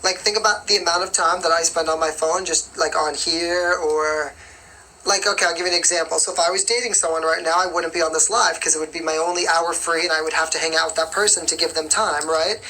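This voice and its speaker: A woman's voice: sits low, fairly even intonation, brisk, sharp tone, low-quality recording. A young woman singer answering fan questions in a casual live-stream chat, rambling along with lots of "like" and "you know".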